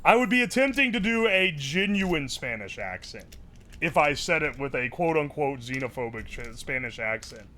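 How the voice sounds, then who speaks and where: High, lively, bright-voiced male streamer. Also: normal speed, slight background noise. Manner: joking, bantering with chat; thinks aloud while building. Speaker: livestreamer. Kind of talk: casual livestream chat.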